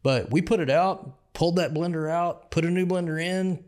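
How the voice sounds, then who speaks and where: A man's voice: on the high side, moderate pace, darkish tone. A man co-hosting a casual podcast, telling a work story in a laid-back way. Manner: laid-back, easygoing, with fillers and restarts. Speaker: podcast co-host, former frac field worker.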